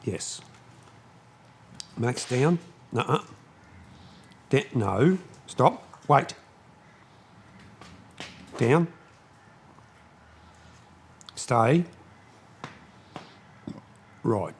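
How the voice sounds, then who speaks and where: Slow-talking man in his shed. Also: medium pitch, expressive, a little hiss or hum. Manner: slow, chatty, scolding his dogs in sharp bursts. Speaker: host of a live stream from his shed. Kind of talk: casual live-stream chat. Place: home workshop shed.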